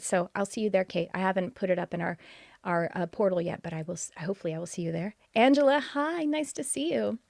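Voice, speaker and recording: A Texas woman with a Texas accent hosts a live-streamed podcast, greeting viewers and talking enthusiastically about her courses. Her mid-range voice comes through a dry, clean studio recording.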